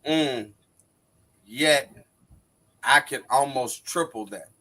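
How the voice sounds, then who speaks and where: A man's voice: medium pitch, slow pace, bright, forceful tone, slight background noise. A man in his forties on a wrestling panel, bantering dramatically and preaching in a mock-wounded tone.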